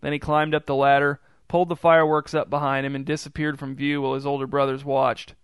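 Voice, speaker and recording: A man reading a story aloud in an even, measured way. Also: mid-range voice, clear, resonant tone, no room sound. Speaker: narrator.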